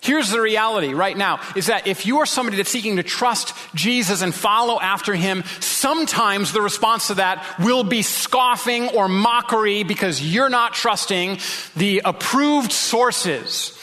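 Male pastor, earnest sermon delivery, bright and slightly high voice, long hall reverb. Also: normal speed. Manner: earnest, pleading preaching with dramatic drops to a whisper.

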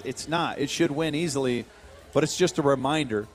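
Animated man hosting a radio show. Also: fairly high pitch, normal speed. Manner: animated storyteller, laughs often. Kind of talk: casual radio banter.

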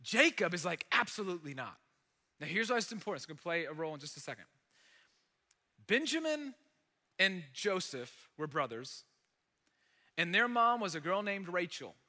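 Guy preaching, high voice, super bright, big reverby church hall. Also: moderate pace, long pauses. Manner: casual, animated storytelling with acted-out quotes. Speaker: pastor. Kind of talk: sermon retelling a Bible story.

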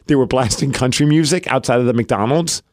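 A man's voice: medium pitch, a little fast, darkish tone, no echo, studio quality. A man in his forties co-hosting a podcast, bantering and teasing in casual chat. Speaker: podcast co-host.

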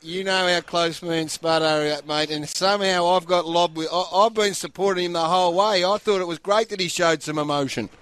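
A man's voice: sits high, steady tone, a little fast, few pauses, a bit bright, clear, resonant tone. An Australian man co-hosting a radio show, teasing his colleagues in a mock-serious way. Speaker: radio co-host. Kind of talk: casual radio banter.

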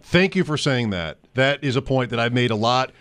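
A man's voice: medium pitch, expressive, moderate pace, a bit bright. Chatty sports radio host, a man.

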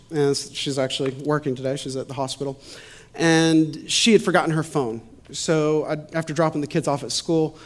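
A man casually telling a personal testimony, chatty and laughing often, shifting into preacher-like repetition on points of faith. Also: a little high. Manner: chatty storytelling with frequent laughs and "you know".

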